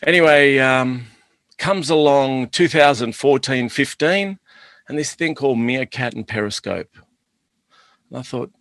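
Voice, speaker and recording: A middle-aged man appears as a guest in an interview, eagerly spinning meandering stories about his chocolate business. His voice is medium in pitch, slightly bright and unhurried, and the recording is dry.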